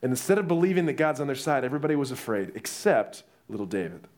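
A young man preaching a sermon, telling the story in a lively way and acting out the voices. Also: medium pitch, fast talker.

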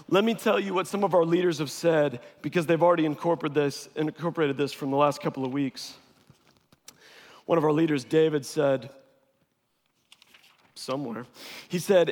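A man preaching a casual, humorous sermon in an animated way. His voice sits high for a man. It rings with the long reverb of a large hall. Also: normal speed. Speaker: pastor.

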